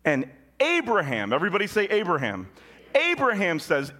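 A male pastor preaching a sermon, telling a story with big swings from loud and high to low and quiet. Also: measured pace. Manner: animated storytelling with sudden jumps in pitch and volume; drops low and quiet on solemn points.

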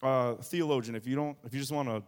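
A man preaching a sermon as pastor, moving between quiet low asides and loud, high bursts of emphasis. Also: fairly even intonation, quick pace. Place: church.

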